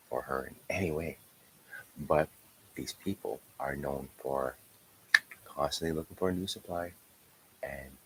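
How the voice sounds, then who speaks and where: A man's voice: extremely low pitch, creaky, slight background noise, rough recording. A man in an angry, profane livestream rant, aggrieved and often dropping into whispered asides. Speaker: streamer.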